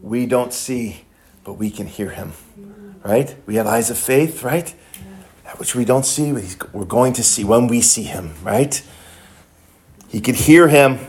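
A man preaching a sermon, reading scripture and building from quiet, low passages to high, shouted cries. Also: unhurried, pauses often.

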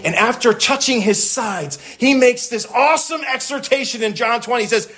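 A man's voice: very high-pitched, moderate pace, few pauses, a bit bright. A man preaching a sermon, emphatic and impassioned, repeating words for stress and swelling when he quotes scripture. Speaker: pastor.

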